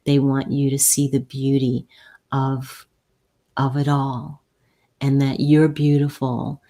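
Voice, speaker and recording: A woman with an unusually deep voice, hosting a spiritual advice chat. She speaks slowly and soothingly, repeating and restarting her phrases as she reads oracle cards for her viewers. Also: completely flat delivery. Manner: gentle, soothing, halting with many repeats and restarts. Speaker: host and spiritual healer.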